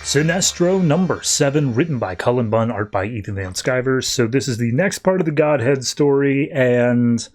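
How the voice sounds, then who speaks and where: A man's voice: mid-range voice, lively intonation, normal speed, hardly any pauses, a little mellow, soft background music. A man hosting a podcast, casually reviewing comic books in a rambling way with many fillers. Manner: rambling, filler-heavy recap. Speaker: podcast host.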